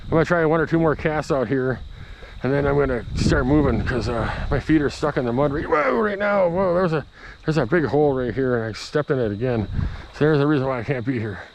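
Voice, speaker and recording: A man vlogging outdoors by a creek, chatting in a casual, excitable, rambling way. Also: mid-range voice, fast, noisy background. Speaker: fishing vlogger. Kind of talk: casual outdoor vlog chat.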